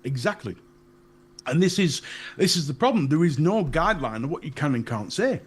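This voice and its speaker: A man's voice: a little high, lively intonation, brisk, slightly rough. A man with a Northern English accent co-hosting a casual live chat show, ranting bluntly and swearing, laughing at his own jokes. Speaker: podcast co-host.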